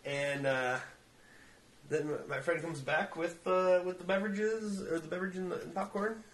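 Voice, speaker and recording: A man co-hosting a podcast, telling a story in casual, profane chat and acting out the quotes in high voices. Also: normal speed, a bit bright, slight background noise.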